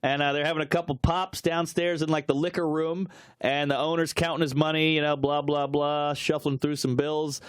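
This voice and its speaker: A man's voice: a little high, level tone, normal speed, clean tone, dry recording, studio quality. Joking man telling a story. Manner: laid-back, joking, many fillers. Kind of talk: casual storytelling chat.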